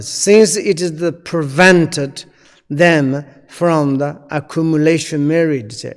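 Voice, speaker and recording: A man giving a Buddhist dharma teaching in halting, broken non-native phrasing. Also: on the high side, darkish tone. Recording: long echoey reverb.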